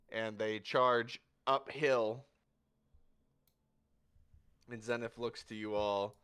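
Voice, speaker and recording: A man narrating a tabletop game as game master, describing a battle slowly and vividly. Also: on the low side, fairly bright tone, clear, resonant tone. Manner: slow, vivid scene narration.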